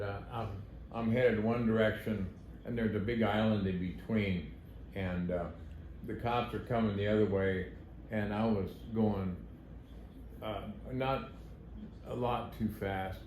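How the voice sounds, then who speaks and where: A man's voice: fairly low pitch, steady tone, measured pace, a little mellow. An older man, a grandfather, chatting with his family at home and telling a story in a chuckling, fondly teasing way. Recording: echoey room with background noise.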